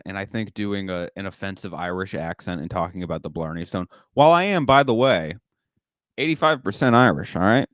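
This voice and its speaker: A man hosts a live podcast in a loose, joking chat full of self-mockery. His voice sits somewhat low. The sound is dry and close, with no room echo. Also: lively intonation, fairly quick. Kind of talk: casual chat.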